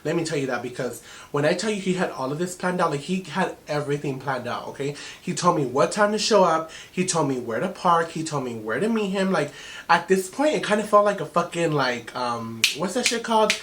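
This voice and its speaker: A young man telling a storytime vlog in an animated, profane way, mixing Spanish phrases into his English. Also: fairly high pitch, fairly quick. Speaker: vlogger.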